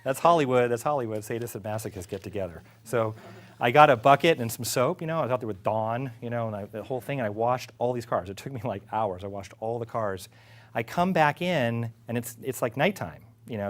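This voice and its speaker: A middle-aged man, an executive, telling a casual story about his career. He is lively, laughs often and acts out what others said. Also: lowish voice. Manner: animated, laughing, acts out quotes. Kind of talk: casual anecdote.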